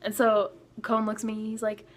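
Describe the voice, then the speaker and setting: Excitable young Canadian woman vlogger. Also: mid-range voice, normal speed. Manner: excitable, many filler "like"s, acts out quotes. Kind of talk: storytime vlog.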